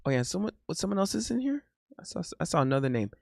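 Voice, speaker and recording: A man's voice: high voice, big pitch swings, racing, creaky, no echo, clean studio sound. A man streaming live and chatting casually, reading viewer messages aloud, joking, laughing often and repeating himself.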